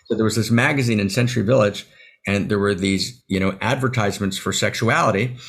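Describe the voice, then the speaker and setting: A man's voice: on the low side, a little fast, creaky, a bit bright, slightly rough. A man in a video-call conversation who talks with passion and some emotion, often tagging his points with "right?". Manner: emphatic, tags many phrases with "right?"; emotional, near tears at times. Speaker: author guest.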